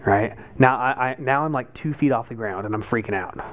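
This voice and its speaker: A man's voice: mid-range voice, fairly quick, fairly bright tone. A man in his thirties telling a personal story to a live group, acting out his own past panic as he goes. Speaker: meetup speaker.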